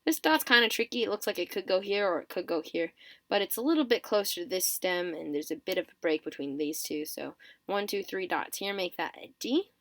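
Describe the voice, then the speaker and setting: This constructed-script tutorial comes from a woman with a fairly bright, mid-range voice who speaks briskly and animatedly, yet seems sleepy and yawns. She counts things aloud, corrects herself, and takes the writing system step by step. No room sound is present.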